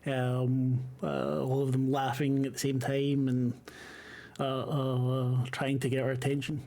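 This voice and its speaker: Man, game master, mid-pitched voice, halting descriptive narration, horror tabletop game. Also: completely flat delivery, gravelly, warm tone. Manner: halting, descriptive scene-setting.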